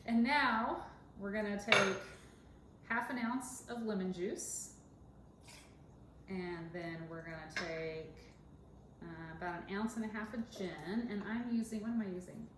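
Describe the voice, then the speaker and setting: A woman's voice: medium pitch, steady tone, a little slow. Woman co-host, casual and giggly, rambling talk; echoey, noisy recording. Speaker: podcast co-host, dentist. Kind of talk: casual chat while mixing a cocktail. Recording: echoey room with background noise.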